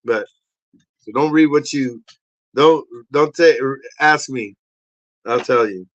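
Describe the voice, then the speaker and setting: A man's voice: medium pitch, slow, no room sound, highs cut off. A man hosting a casual show, rambling and cursing, with frequent stammers. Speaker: host. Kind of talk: casual livestream chat.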